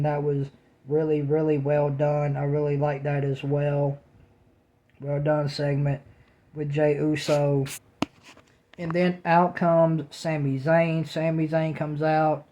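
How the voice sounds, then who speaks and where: A man talks through a recap in a casual reviewer's manner, his voice sitting slightly high yet dark and mellow in tone. His delivery barely moves in pitch, an almost flat drone. He keeps repeating the same words of praise. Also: poor audio. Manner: repetitive, restating praise over and over. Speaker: wrestling show reviewer.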